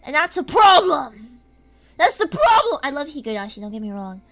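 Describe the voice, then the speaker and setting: A woman's voice: sits high, sing-song, moderate pace, fairly bright tone. A woman streaming casually from home, rambling in an erratic way and breaking into screams and laughs. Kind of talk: casual live-stream chat.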